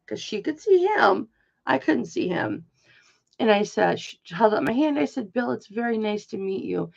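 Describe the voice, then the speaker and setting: Older woman, rambling casual storyteller, husky voice, slow, dull lo-fi livestream audio. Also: on the high side, a little mellow. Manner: rambling, chatty, restarts and asides. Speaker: live auction host.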